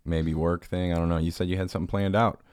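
A man's voice: sits low, level tone, fast talker, darkish tone, clear, resonant tone, no room sound. A man hosting a casual podcast chat, joking and teasing as he rambles. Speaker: podcast host.

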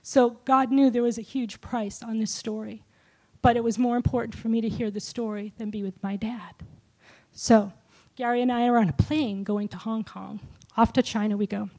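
A middle-aged woman giving a personal testimony sermon, telling a story with lively shifts and dropping to a whisper for quoted lines. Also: fairly high pitch, normal speed. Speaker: speaker at a church gathering.

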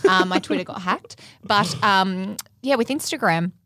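A woman's voice: medium pitch, measured pace, pushed and bright, no room sound, studio quality. A woman guest in a casual chat, playful and giggly as she tells stories. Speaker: podcast guest.

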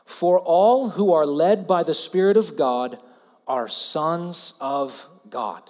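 Southern US man, pastor, sermon, earnest, fairly high voice, hushed drops, reverberant hall. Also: slow. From Alabama, southern US. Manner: earnest, swings from loud emphasis to hushed softness.

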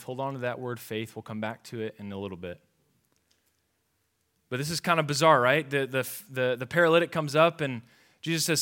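Male pastor, mid-pitched voice, emphatic, repeats lines and asks the room questions. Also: brisk, bright, forceful tone. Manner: emphatic, conversational preaching with repetitions and rhetorical questions. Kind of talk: sermon.

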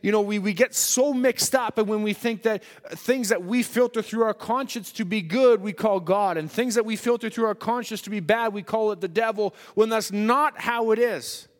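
Speaking at normal speed and barely pausing, a high-voiced male preacher delivers his sermon, his volume swinging from emphatic declarations down to hushed asides. The recording has a long reverb from the church hall.

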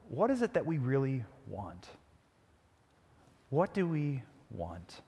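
Man preaching in an echoing hall. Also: mid-range voice. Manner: animated storytelling, often dropping to a hush. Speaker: pastor. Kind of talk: sermon.

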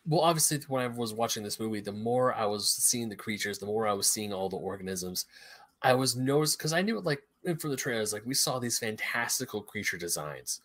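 A man's voice: on the low side, expressive, a little fast, fairly bright tone. Man stumbling eagerly through film thoughts. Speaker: podcast co-host. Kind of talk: casual film discussion.

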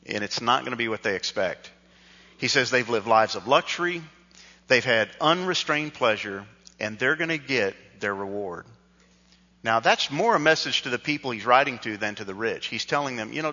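Bright-voiced pastor, echoing hall. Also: male voice, medium pitch, animated, normal speed. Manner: conversational storytelling, self-deprecating. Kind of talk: sermon with personal story. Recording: dull sound with long hall reverb.

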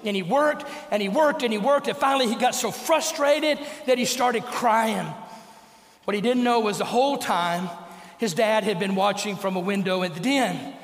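Older guy preaching, pretty high voice, big echoey church with long reverb. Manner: storytelling preacher, slows and drops to a hush for emphasis. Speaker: pastor. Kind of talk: sermon. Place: church sanctuary.

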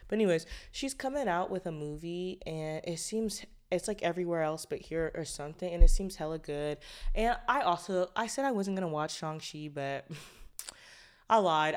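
A young adult woman hosting a solo podcast, talking in a casual, rambling way with plenty of swearing, fillers and sighs. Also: fairly low pitch. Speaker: podcast host.

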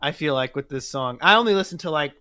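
A man's voice: on the high side, animated, fast, bright, forceful tone, smooth. A man co-hosting a casual podcast, rambling with many "like" fillers and laughing a lot. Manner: rambling, lots of "like" fillers, giggly. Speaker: podcast co-host.

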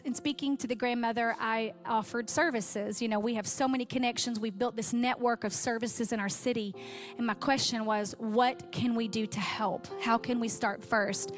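Woman, pastor's wife, raised voice, preaching a testimony over soft music. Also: a little high, steady tone, normal speed. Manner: heartfelt storytelling, voice catching with emotion. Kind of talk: sermon testimony.

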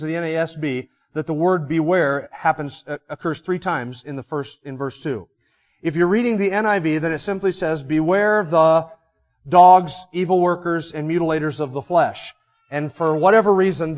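Emphatic preacher man, lo-fi sound. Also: a little high. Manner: emphatic, swings from quiet asides to loud repeated declarations. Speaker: pastor. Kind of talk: expository sermon. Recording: dull lo-fi recording.

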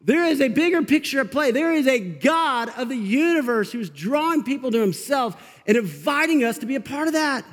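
A man preaching with real fire, his voice sitting high for a man as he talks to the congregation in a loose, chatty way. The sound rings with a long reverb, as if it were recorded in a large church sanctuary. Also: moderate pace, hardly any pauses. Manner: energetic, fired up, conversational with frequent asides. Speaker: pastor. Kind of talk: sermon.

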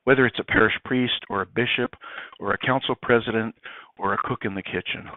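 A priest telling a story in a lively way, acting out the dialogue. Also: male voice, fairly low pitch, fairly quick, dry recording. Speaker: priest guest. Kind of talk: animated conversational reflection. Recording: tinny phone-like sound, dry.

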